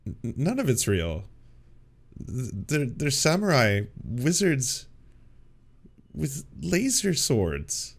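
A man's voice: medium pitch, wildly swooping pitch, slow, vocal fry, pauses often, slightly rough. A man hosting a casual commentary, stammering and sarcastic as he reacts in exasperation. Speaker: host.

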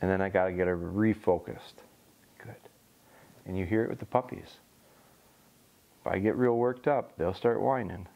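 A man's voice: low voice, steady tone, normal speed, gravelly, long pauses, a little mellow. A man who trains bird dogs, casually explaining what he is doing as he works a young dog outdoors. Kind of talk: casual training vlog commentary.

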